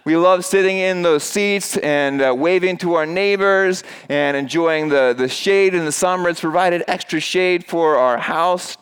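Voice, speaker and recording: Standing before a screen in his church, a pastor preaches a sermon in a smooth, resonant, slightly high voice with a bit of brightness. His delivery is conversational, with "uh" fillers, occasional tripped words and restarts, and quoted voices performed at a higher pitch.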